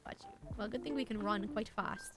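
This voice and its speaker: A woman's voice: medium pitch, moderate pace. A young woman chatting casually with her viewers while playing a game on a livestream, giggly and talkative. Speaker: streamer. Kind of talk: casual gaming livestream chat. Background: game music.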